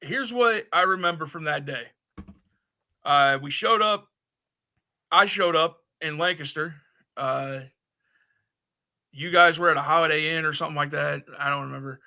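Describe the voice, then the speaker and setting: A man's voice: on the high side, moderate pace, vocal fry, pauses often, pushed and bright. A man chatting as a podcast guest, laid-back, recalling old times in rambling stories. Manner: laid-back, short agreements, rambling recollections. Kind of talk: casual chat, reminiscing.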